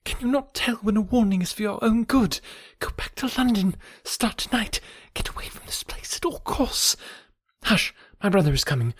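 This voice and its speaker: A secretive young woman with a low, eager voice and a slight lisp, put on by a man reading an audiobook. Her lines are pitched high above his own and pressed into hushed, hurried pleas. The studio sound is dry and close. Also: animated, slightly rough, dry recording. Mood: urgent. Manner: pleading in hushed, hurried warnings. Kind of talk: audiobook character voice.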